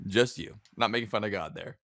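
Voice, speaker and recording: A man with a bright, forceful voice co-hosts a podcast in loose, casual chat. He rants sarcastically and swears freely. The sound is dry and close, with little room around it. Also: on the low side, fairly quick, gravelly, no room sound. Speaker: podcast co-host.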